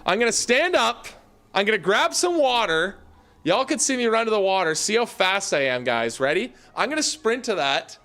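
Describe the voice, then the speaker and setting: Young male streamer, lively rising voice, casual hype host from home. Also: high voice, normal speed. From Canada. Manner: hyped, talks to chat, calls viewers baby and y'all. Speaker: livestream host. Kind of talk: casual livestream chat. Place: home basement room.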